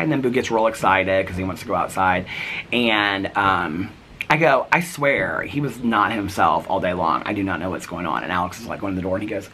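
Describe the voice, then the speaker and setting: A man's voice: sits low, a little fast, sharp tone, slight background noise. A middle-aged man chatting casually in a daily vlog from his front porch, retelling his day with quoted back-and-forth dialogue. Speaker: vlogger.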